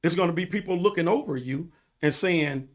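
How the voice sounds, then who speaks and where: A man with a somewhat high voice speaks as a guest on a casual interview podcast. He talks earnestly, like he's giving a sermon, and he drives his points home by repeating lines over and over. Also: brisk. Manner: earnest, preachy, repeats for emphasis.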